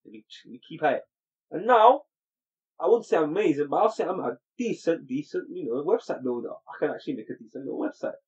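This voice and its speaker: A man's voice: on the high side, big pitch swings, fast, breathy edge. A man, chatting as podcast co-host, slangy and motivational. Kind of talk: casual chat. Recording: dull lo-fi recording.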